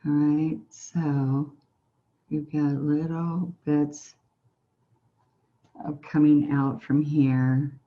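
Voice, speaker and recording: Extremely slow, with long pauses, a low-sitting woman's voice with a Southern US accent walks through each brushstroke in a relaxed painting tutorial, gentle and encouraging. The audio is narrow and tinny.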